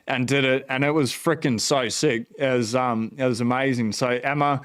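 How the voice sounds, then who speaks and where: An Australian man hosting a casual livestream, excited and profane, rambling with fillers and restarts. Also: medium pitch, normal speed, hardly any pauses, clear, resonant tone. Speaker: bitcoin channel host. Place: at home.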